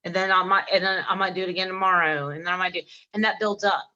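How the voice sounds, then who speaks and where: A woman's voice: fairly low pitch, fast talker, dull audio. A middle-aged woman co-hosting a casual podcast, telling stories with animation, acting out both sides of conversations and laughing often. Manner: animated storyteller acting out dialogue; laughs often mid-sentence. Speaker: podcast co-host.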